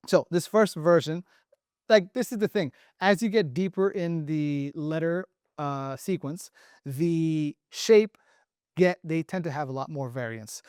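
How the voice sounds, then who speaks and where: A man with a fairly high, smooth and clear voice, recorded dry and close, teaching letter forms in a loose, joking way. He muses aloud and riffs on funny names for each shape. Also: a little mellow, no echo. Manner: playful, joking, thinking aloud. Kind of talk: casual online lesson.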